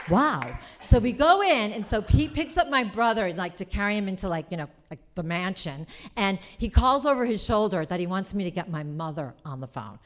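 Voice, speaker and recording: Woman storyteller, chatty, lots of "like", middle pitch, live on stage. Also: noisy background. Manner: chatty, full of "like" and quick asides. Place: cultural center stage before an audience.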